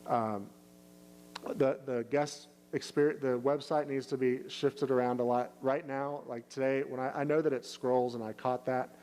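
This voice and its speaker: Halting, plain-voiced male pastor. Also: mid-range voice, steady tone, a little mellow, slight background noise, rough recording. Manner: halting, many restarts and fillers; acts out inviting lines in a lifted, upbeat voice. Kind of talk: casual Q&A answer.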